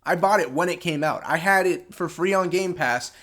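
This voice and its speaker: A man with a somewhat high voice rants to the camera in a gaming vlog, sounding frustrated and sarcastic. He restarts his sentences often. His voice is starting to go hoarse. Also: normal speed, fairly bright tone, a little hiss or hum. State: losing his voice. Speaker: gaming channel host. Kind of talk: unscripted vlog rant.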